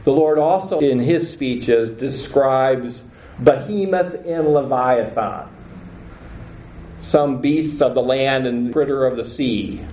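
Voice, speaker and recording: A man's voice: medium pitch, slow, dark tone, slight background noise. A man giving an informal Bible lecture in a conversational way, lifting his voice to act out quoted lines. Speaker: Bible teacher. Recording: echoey room.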